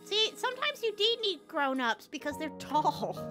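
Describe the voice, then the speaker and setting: A woman's voice: high voice, big pitch swings, normal speed, over music. A woman with a Southern American accent streaming a game, goofy and chatty, reading game text aloud. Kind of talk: casual let's-play commentary.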